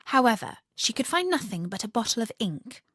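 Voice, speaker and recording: A woman reading a children's storybook aloud in an expressive, animated way. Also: a little high, fairly quick, husky, dry recording, studio quality.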